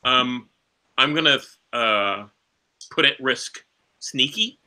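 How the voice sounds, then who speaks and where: A man playing in a tabletop game, hesitant and unhurried as he takes his turn. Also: medium pitch, sharp tone. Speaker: player.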